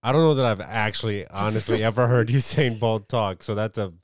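Deadpan teasing young man. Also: on the low side, fairly quick, no room sound, clean studio sound. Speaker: podcast host. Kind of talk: casual banter.

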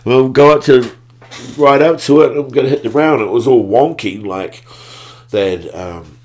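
A man, a podcast guest telling stories in relaxed slang that trails off and restarts. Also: mid-range voice, moderate pace. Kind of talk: casual storytelling chat.

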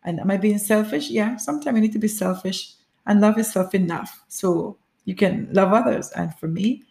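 A woman telling a personal story in a casual spoken way, animated, repeating phrases and acting out her own cries. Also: mid-range voice, normal speed, creaky.

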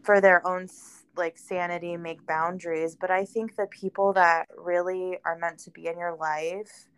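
A woman hosting a podcast, speaking slowly and thoughtfully in a supportive way. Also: lowish voice, flat delivery, clear, resonant tone, dry recording, rough recording. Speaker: podcast host. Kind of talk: casual chat.

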